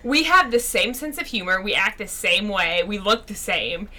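A woman co-hosting a podcast in casual chat, loud and joking, with plenty of swearing. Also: medium pitch, normal speed, poor audio. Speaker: podcast co-host.

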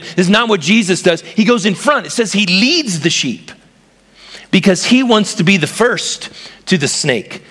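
A man's voice: on the high side, a bit bright. A man preaching a sermon, teaching step by step and putting questions to his listeners. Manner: teaching, asks the congregation questions, builds emphasis with lists. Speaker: pastor. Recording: long hall reverb.

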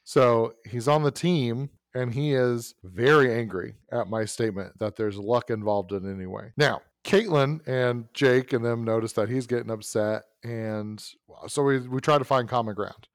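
A man's voice: medium pitch, steady tone, moderate pace, hardly any pauses, no room sound, clean studio sound. A man telling a long personal anecdote in casual chat, rambling with asides and restarts. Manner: rambling, self-correcting anecdote with frequent asides. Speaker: podcast host telling a story. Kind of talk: casual storytelling.

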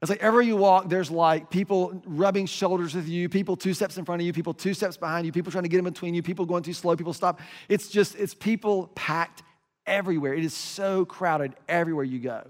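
American guy preaching, high-ish voice, tells a story all worked up, lots of restarts, big echo. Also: fast talker. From United States. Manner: animated, emphatic, many restarts. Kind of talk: sermon storytelling. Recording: reverberant hall.

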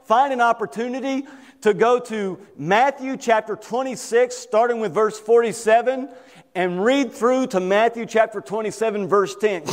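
A man's voice: sits high, normal speed, big-room sound. A man with a Kentucky accent preaching a sermon, emphatic, repeating phrases for weight.

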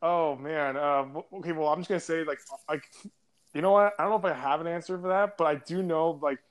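A man's voice: fairly high pitch, a little fast. A man chatting casually on a podcast, laughing often as he tells stories. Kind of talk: casual chat.

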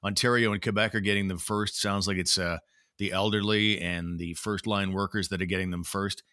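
A man's voice: sits low, fairly even intonation, a little fast, pushed and bright, no room sound, clean studio sound. A man co-hosting a casual chat show, reacting briefly and moving the talk along. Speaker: podcast co-host.

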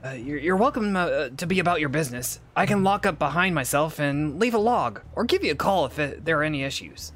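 A man voicing a nervous male port mechanic who stammers and rushes to sound helpful, in a raised pitch. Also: expressive, a bit bright. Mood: nervous friendly. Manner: stammering, rushed, over-eager.

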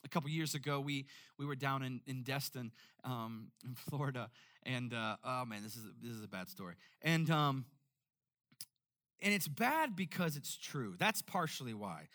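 A man preaching a sermon in an animated way, often repeating words when making a point. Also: medium pitch, moderate pace. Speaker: pastor.

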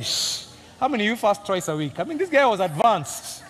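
A man preaching a sermon, animated and joking as he teases his congregation. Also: very high voice, brisk. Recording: long reverb of a big hall.

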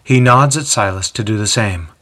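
A man narrating a scripted story in a slow, steady, descriptive way. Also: on the low side.

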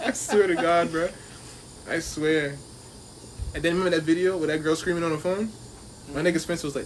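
Fast-talking joking young man. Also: a little high, fairly even intonation, slight background noise. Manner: fast, joking, slangy, laughs often. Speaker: podcast co-host. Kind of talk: casual chat.

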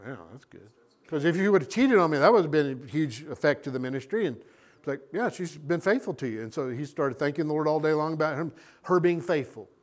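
Animated male pastor preaching. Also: on the high side, fast talker. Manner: animated preaching, acting out voices. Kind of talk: sermon.

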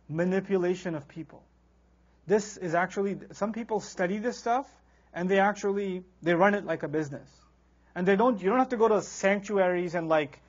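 High-voiced animated male Quran teacher. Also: highs cut off. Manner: animated and conversational, with quick Arabic recitation. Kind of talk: Quran lecture.

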